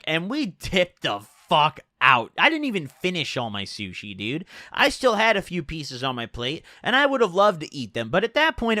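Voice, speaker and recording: A young man telling a personal story on his channel, animated and exasperated, swearing freely. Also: a little high, no room sound, studio quality. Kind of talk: storytime vlog.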